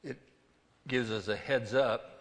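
A man preaching a sermon as pastor, reading scripture slowly and stressing words with emphasis. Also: medium pitch, a bit bright, big-room sound.

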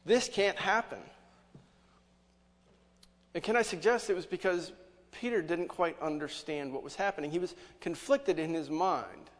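A man's voice: a little high, a little slow. A man preaching a sermon as pastor, conversational, with many rhetorical questions to the congregation. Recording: long hall reverb.

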